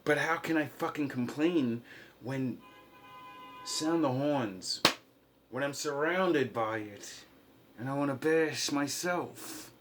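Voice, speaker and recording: Slow, impassioned man rambling to camera. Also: medium pitch, a little hiss or hum. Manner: impassioned, swings from quiet to loud. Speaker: vlogger. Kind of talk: rambling monologue.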